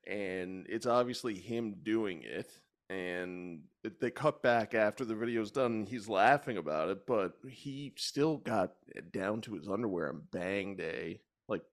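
A man's voice: on the low side, lively intonation, a little slow. A man co-hosting a podcast in a casual chat, bemused and rambling, with many fillers and laughs. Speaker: podcast co-host.

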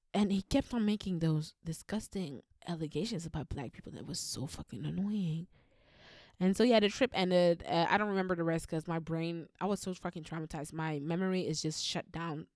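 A woman's voice: on the low side, a little mellow, no room sound, clean studio sound. A woman vlogger telling a personal story in a blunt, heated manner, swearing constantly. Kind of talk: storytelling monologue.

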